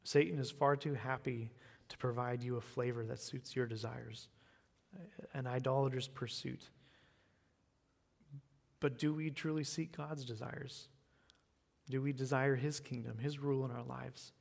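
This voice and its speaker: An American man giving an evening sermon and closing prayer, in an unhurried, earnest way that often repeats words. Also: medium pitch, steady tone, creaky. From United States. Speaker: preacher. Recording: long reverb of a hall.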